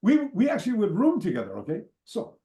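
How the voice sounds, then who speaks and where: An older martial arts teacher, appearing as an interview guest over a call, tells animated, rambling anecdotes packed with asides and fillers. His voice is high and quick, and the room is echoey.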